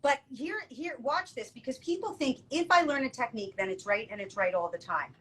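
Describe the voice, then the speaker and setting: A woman co-hosting a podcast, telling stories in a casual, lively way and acting out the quotes. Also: sits high, a little fast, slight background noise, poor audio. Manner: lively, acts out quotes, laughs often. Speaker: podcast co-host. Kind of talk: casual storytelling chat.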